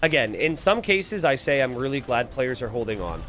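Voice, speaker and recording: A man's voice: mid-range voice, normal speed, slight background noise. A man commentating a strategy game live on stream and reading the chat aloud. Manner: animated, reads viewer chat aloud.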